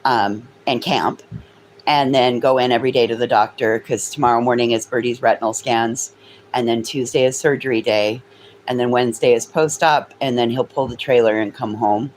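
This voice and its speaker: A woman's voice: fairly even intonation, moderate pace, a little hiss or hum, poor audio. A woman chatting casually with viewers, swearing freely. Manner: high sing-song baby talk to her dogs. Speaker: livestream host.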